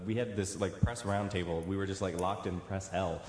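A lower-pitched man tells stories in a loose, profane way, now and then dropping into quick impressions of people. His voice rings around a reverberant room with a long tail. A faint hiss sits under it. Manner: profane, animated retelling, slips into character voices. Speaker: podcast co-host. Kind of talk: casual chat, storytelling with impressions.

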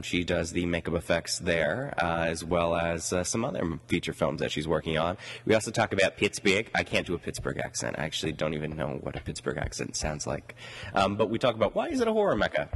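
A man with a lowish voice hosts a casual podcast, rambling along with many fillers. His pitch leaps sharply upward whenever he gets excited. He sometimes talks with guests at a convention booth. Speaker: podcast host. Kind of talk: casual podcast chat and interview.

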